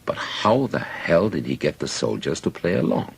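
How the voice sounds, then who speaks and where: Very deep gravelly male narrator. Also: sing-song, normal speed. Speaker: audiobook narrator. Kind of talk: scripted first-person narration.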